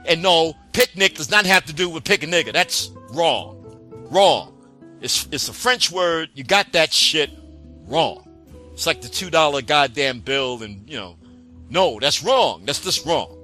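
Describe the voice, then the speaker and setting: A man's voice: fairly high pitch, expressive, measured pace, pushed and bright, soft background music. A man delivering a heated, profane political rant, full of sarcasm and mocking asides. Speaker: political commentator.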